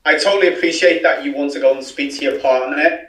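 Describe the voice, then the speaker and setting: A man's voice: on the high side, fast, fairly bright tone, reverberant, recorded from a distance, rough recording. A man practicing a sales response in a careful, rehearsed way during a training session. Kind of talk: role-play practice.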